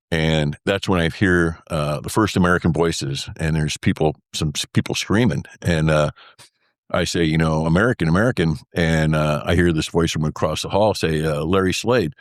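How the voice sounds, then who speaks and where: An older man with a low voice appears as a guest in a conversational storytelling interview, telling his story as a former military pilot. He rambles, peppers his speech with fillers like "uh" and "anyway," and acts out remembered dialogue. The sound is dry and close, with no echo.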